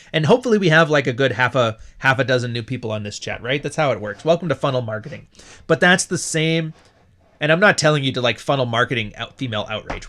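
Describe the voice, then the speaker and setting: Male podcast host, mid-pitched voice, blunt and profane, quick to laugh. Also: fairly bright tone. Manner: blunt and profane, laughing at his own jokes. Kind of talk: casual livestream talk.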